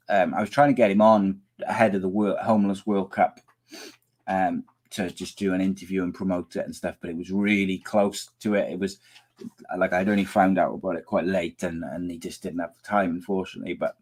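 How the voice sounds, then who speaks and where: This is a middle-aged man from Wales with a lowish voice that is going hoarse. He talks casually to his live chat, reading out comments and teasing people. His sentences ramble and restart as he goes. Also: steady tone, brisk, darkish tone. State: losing his voice. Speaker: podcast host reading viewer comments.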